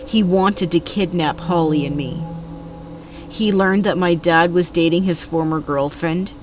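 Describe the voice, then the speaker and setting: Low-voiced woman narrating scary stories. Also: unhurried, noisy background. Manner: calm storytelling.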